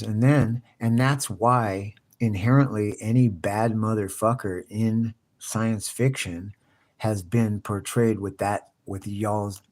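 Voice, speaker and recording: A man's voice: on the low side, darkish tone. A man hosting a live stream, rambling in casual chat full of profanity and slang, calling everyone "dude". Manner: profane slangy chatter, constantly saying "dude". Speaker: livestream host.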